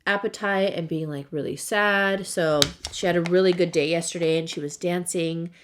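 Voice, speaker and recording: Young cali woman chatting thru her makeup routine, kinda low voice, says like a lot. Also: fairly even intonation, normal speed, background noise. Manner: chatty storytelling, lots of "like". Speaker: beauty vlogger. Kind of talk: casual get-ready-with-me chat.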